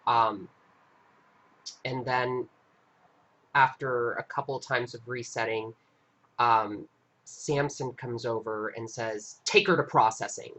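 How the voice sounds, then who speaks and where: A man with a bright, forceful voice tells a story on his live stream. He talks casually and earnestly, often stopping to restart his sentences as he goes. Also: mid-range voice, fairly even intonation. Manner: earnest, halting recounting with frequent restarts.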